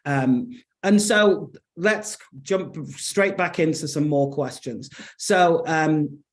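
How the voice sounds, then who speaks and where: A woman's voice: low voice, slow. A woman hosting an online interview, who affirms the guest and then reads audience questions aloud, with frequent fillers. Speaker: webinar host reading audience questions. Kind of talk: interview moderation.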